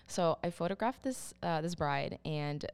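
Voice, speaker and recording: A woman, a wedding photographer and podcast guest, telling stories in an animated way and acting out what people said. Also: sits low, unhurried, smooth. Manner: animated storyteller, acts out quotes. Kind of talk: casual podcast chat.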